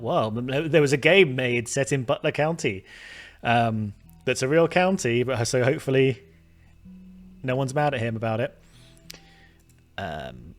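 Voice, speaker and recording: A man casually commenting on a detective game as he plays, thinking aloud with lots of fillers and restarts, chatty and self-mocking. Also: mid-range voice. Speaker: gaming video host. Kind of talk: casual let's-play commentary.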